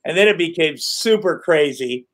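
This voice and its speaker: A man's voice: fairly high pitch, moderate pace. A middle-aged man telling stories as a podcast guest, rambling and profane, acting out what people said. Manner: rambling, profane, animated retelling with quoted voices. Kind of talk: casual storytelling interview.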